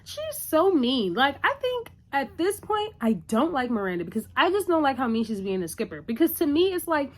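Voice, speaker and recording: A woman's voice: sits high, very animated, moderate pace, few pauses. A woman recapping a TV episode in a casual, chatty, opinionated way, full of "like" and "you know".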